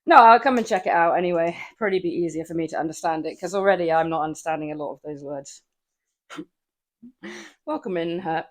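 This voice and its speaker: A woman's voice: on the low side, animated, fairly quick. A woman livestreaming from her home gym, chatting casually with viewers between lifts, laughing often and swearing now and then. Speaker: livestreamer working out.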